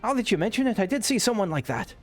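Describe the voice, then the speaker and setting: A man reading aloud as a brash, hard-drinking female mercenary in a put-on accent, talking gruff and crude. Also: sits high, expressive, fast talker, soft background music, pitched above the performer's own voice. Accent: put-on unplaced accent.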